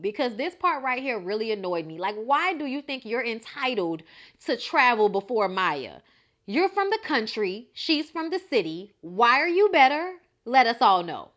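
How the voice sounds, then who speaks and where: Young woman from LA chatting a show recap, sassy and animated, kinda high and really bright. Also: normal speed. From Los Angeles, USA. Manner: sassy, animated, acts out quotes. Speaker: TV show reviewer. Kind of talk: casual recap chat.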